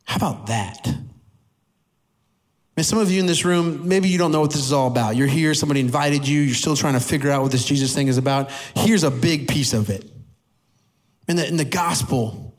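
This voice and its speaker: A man preaching a sermon to a church audience, animated and emphatic, slowing down and speeding up for emphasis. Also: on the high side. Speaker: pastor.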